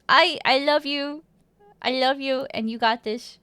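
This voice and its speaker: A woman streamer talks casually and rambles, giggling as she reads her chat aloud. Her voice sits high and sounds bright. The sound is dry and close, with no room echo. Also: fairly even intonation, measured pace.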